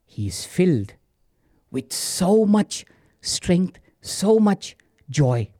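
A man's voice: sits high, sing-song, very slow, warm tone, breathy edge. A man telling a story dramatically, dropping to whispers and speaking to the listener.

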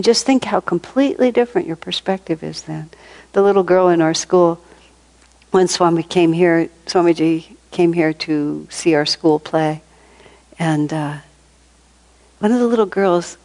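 A woman's voice: fairly low pitch, normal speed, darkish tone, rough recording. Older woman giving a chatty spiritual talk. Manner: conversational, laughing often, storytelling. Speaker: spiritual teacher.

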